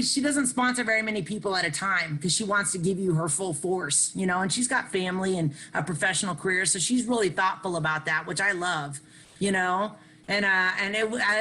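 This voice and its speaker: A middle-aged woman, giving an energetic, self-mocking recovery share that she keeps punctuating with "hey" and "okay.". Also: mid-range voice, low-quality recording. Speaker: workshop speaker sharing on recovery.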